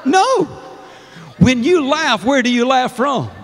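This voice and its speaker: Middle-aged preacher guy, high voice jumping all over, laughs a lot, big echoey church. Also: sing-song, takes it slowly, creaky. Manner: exuberant, laughs often, calls out to the congregation. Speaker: guest minister. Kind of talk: sermon. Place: church sanctuary. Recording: long church reverb.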